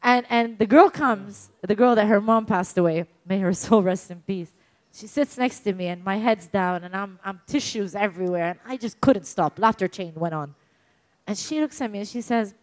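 Animated woman telling a funny story. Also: medium pitch. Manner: animated, laughs often while telling. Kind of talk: casual storytelling chat.

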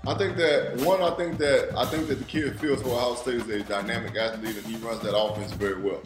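A man co-hosting a casual sports talk show, animated and profane, often adding "you know what I'm saying". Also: mid-range voice, brisk, reverberant, over music. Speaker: podcast co-host.

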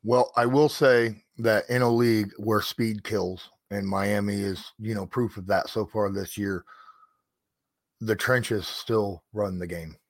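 A man's voice: lowish voice, fairly even intonation, slow, dry recording, studio quality. A man hosting a casual sports talk show, leading the conversation and citing game stats. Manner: leads the talk, cites stats. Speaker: host.

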